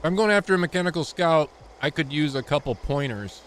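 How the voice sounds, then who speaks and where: A man's voice: fairly high pitch, animated, brisk, slight background noise. A young man streaming a video game live, joking crudely and rambling as he plays. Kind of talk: live gameplay commentary.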